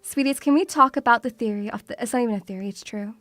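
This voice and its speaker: A woman's voice: a little high, quick pace, a bit bright, dry recording, studio quality. A woman streamer chatting casually and playfully with her viewers. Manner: playful, bubbly, teasing. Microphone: studio mic through audio mixer.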